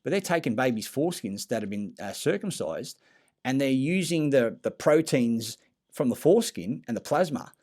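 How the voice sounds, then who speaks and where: A man giving a rambling, profane monologue, halting often with fillers and restarts. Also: medium pitch, lively intonation, darkish tone. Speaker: conspiracy talker.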